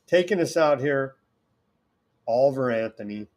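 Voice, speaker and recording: A man's voice: mid-range voice, expressive, normal speed, darkish tone. Sarcastic, indignant man hosting a talk show. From California. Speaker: host. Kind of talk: political talk show commentary.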